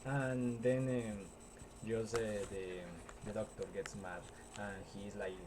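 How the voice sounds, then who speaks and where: A man casually retelling a film scene, halting often with fillers and restarts. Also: on the low side, flat delivery, background noise. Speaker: storyteller.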